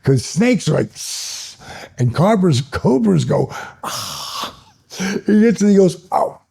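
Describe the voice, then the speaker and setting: Gravelly older man telling stories. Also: high voice, normal speed. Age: 60s. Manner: animated, builds stories up excitedly, laughs between phrases. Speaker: guest, retired pro wrestler. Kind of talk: storytelling in an interview.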